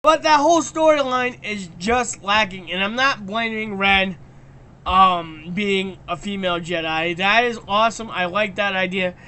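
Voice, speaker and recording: Excitable high-voiced ranting man. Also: measured pace, clear, resonant tone. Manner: excitable, ranting, stammers and restarts. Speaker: live stream host. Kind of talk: ranting casual live stream chat.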